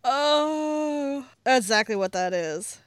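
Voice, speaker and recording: A woman's voice: high voice, lively intonation, takes it slowly, no echo. A woman co-hosting a podcast who chats casually, jokes and asks questions. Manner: joking, chatty, asks questions. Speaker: podcast co-host. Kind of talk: casual chat.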